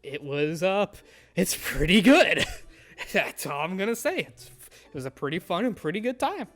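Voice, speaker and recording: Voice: medium pitch, very animated, moderate pace, fairly bright tone. A game streamer reading a game's narration aloud and adding chatty asides.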